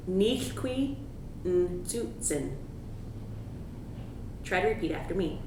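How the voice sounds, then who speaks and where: A woman giving a pronunciation lesson, patiently repeating words slowly for the listener to copy. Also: animated. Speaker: language teacher. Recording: echoey room, distant mic, background rumble.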